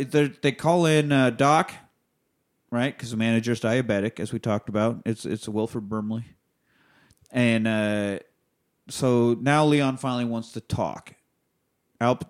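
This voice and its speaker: Man, mid-pitched, podcast host, casual movie recap, profane, rambling. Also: steady tone, measured pace.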